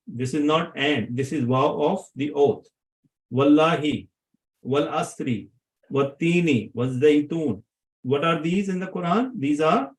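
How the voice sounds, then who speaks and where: A man teaching a grammar lesson to a room of students. His voice sits a little higher than most men's, and he keeps stopping to ask whether everyone follows. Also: rough recording. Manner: checks in with students, asks questions.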